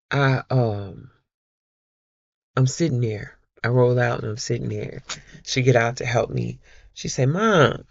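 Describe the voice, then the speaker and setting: A middle-aged woman vlogger chatting to her viewers, telling a personal story in a slow, heartfelt way and calling them y'all. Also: a bass voice, gravelly, darkish tone, no echo, lo-fi sound. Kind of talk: casual chat to viewers.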